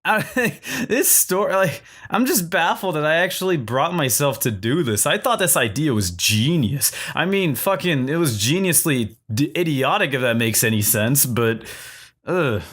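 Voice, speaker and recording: A young man from Virginia telling a profane, self-mocking storytime, switching into animated voices for the people in it. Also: fairly high pitch, normal speed, few pauses. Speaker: storytelling vlogger. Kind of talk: casual storytime monologue.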